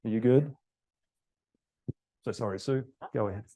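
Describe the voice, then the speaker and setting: A man's voice: mid-range voice, moderate pace, dark tone. A man, a real estate agent, moderating a seminar panel in a polite, organized way.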